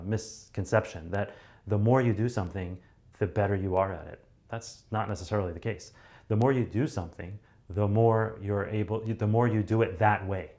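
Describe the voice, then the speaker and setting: A man's voice: lowish voice, a little mellow. A man teaching public speaking in a loose, conversational way, with many fillers and restarts. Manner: acts out sample deliveries to show each point. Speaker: communication coach.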